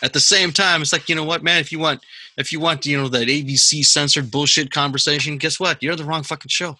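A man's voice: a little high, steady tone, a little fast, bright, forceful tone, breathy edge, no echo. A man hosting a podcast over a video call, talking bluntly and emphatically and cursing heavily in casual chat. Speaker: podcast host.

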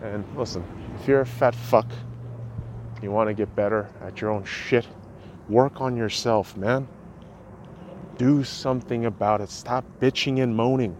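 A man hosts a solo podcast with a profane, sarcastic rant. His voice sits in a plain middle pitch. A faint hum of ambient noise lingers under the recording. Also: a little slow, a little mellow. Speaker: podcast host.

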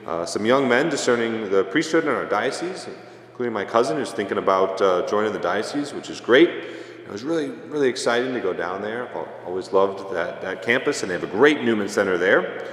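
A young male priest giving a homily, telling a self-deprecating story in a relaxed, casual way. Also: fairly low pitch, brisk. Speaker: parish priest. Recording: echoey church with long reverb.

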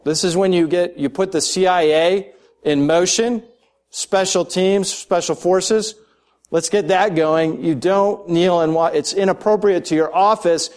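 A man with a somewhat high voice preaches a sermon in an easy, conversational way. He thinks aloud with frequent restarts and slows down to lean on the key words. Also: darkish tone. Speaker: pastor.

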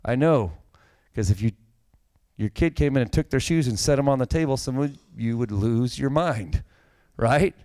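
A man's voice: mid-range voice, animated, moderate pace, mellow, dry recording. A man preaching a sermon, with a casual, conversational manner and direct questions to the congregation. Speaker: pastor.

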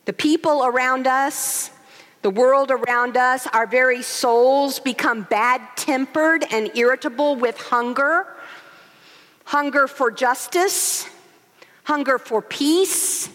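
A woman co-pastor in her forties preaching a sermon, telling stories and asking rhetorical questions. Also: high-pitched. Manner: expressive storytelling with rhetorical questions. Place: large church sanctuary. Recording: long hall reverb.

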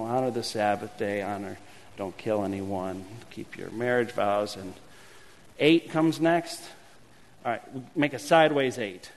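A man, a pastor, teaching a congregation a playful hand-gesture game in his sermon, shifting between lively calls and quiet asides. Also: mid-range voice. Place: church sanctuary. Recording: long hall reverb.

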